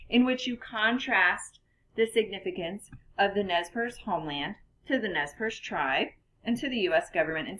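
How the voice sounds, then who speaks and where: A woman's voice: medium pitch, a bit bright. A young woman teacher talking through a recorded lesson for her students, chatty and full of ums, a little out of breath. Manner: chatty, many ums, self-correcting. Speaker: classroom teacher.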